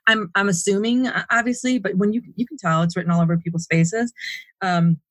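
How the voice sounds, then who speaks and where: A woman's voice: medium pitch, a little fast, dry recording. A woman guest in an interview, telling her story in a rambling way with many restarts and fillers. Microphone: home setup, dry sound.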